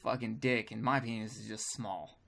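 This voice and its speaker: A man's voice: on the low side, steady tone, moderate pace, creaky, a bit bright. A man co-hosting a podcast, rambling and joking crudely in casual banter with friends. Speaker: podcast co-host.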